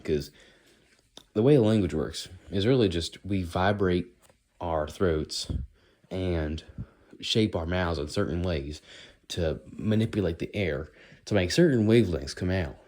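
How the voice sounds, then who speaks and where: American guy, very low voice, casual rambling vlog musings. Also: a little slow, darkish tone. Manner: rambling, musing, does playful accent impressions. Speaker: vlogger. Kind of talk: casual walking monologue.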